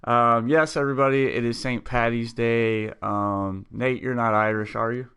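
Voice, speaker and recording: A man's voice: medium pitch, fairly even intonation, normal speed, fairly bright tone, a little hiss or hum. A man hosting a casual gaming podcast, upbeat and chatty, with plenty of fillers. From Scottish heritage. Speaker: podcast host.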